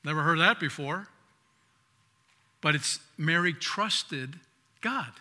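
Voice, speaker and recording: This sermon comes from a male pastor whose voice is very bright, forceful and slightly high for a man, with lively intonation and a slow pace. He talks conversationally, restarting words and alternating loud emphasis with hushed asides, all in a long hall reverb.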